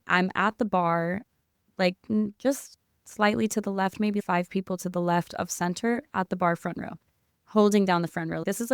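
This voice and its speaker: Smooth-voiced excitable woman storyteller. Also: mid-range voice, dry recording, clean studio sound. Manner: excitable, fills talk with "like", spiritual vocabulary. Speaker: podcast guest. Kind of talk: animated storytelling in casual chat.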